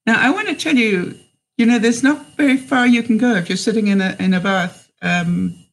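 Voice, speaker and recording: A woman's voice: a little high, moderate pace, poor audio. A middle-aged woman vlogger telling a personal story, hesitant, with many fillers and restarts.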